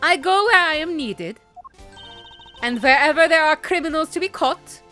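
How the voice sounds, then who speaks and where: Haughty young female prosecutor, read by a woman streamer, clipped orders, fake foreign accent, bright tone. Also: high-pitched, animated, moderate pace, faint music behind, voice pushed up, exaggerated voice. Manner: clipped commanding delivery, put-on Eastern European accent. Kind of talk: reading game dialogue aloud on a stream.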